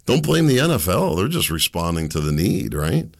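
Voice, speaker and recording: A middle-aged male host delivering a sarcastic, ranting monologue. His voice sits very low with a gravelly edge, yet it swings widely in pitch as he scoffs and jabs. Scornful little laughs break up his complaints. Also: big pitch swings, normal speed. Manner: ranting, sarcastic, mocking asides. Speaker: political commentary host. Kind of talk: opinion monologue.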